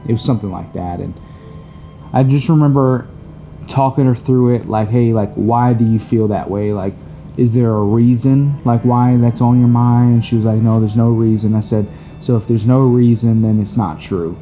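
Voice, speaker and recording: A young man talking earnestly with his wife, halting and full of fillers, in a casual heartfelt couple's chat. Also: mid-range voice, fairly even intonation, mellow, soft background music. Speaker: husband co-host of couple's channel.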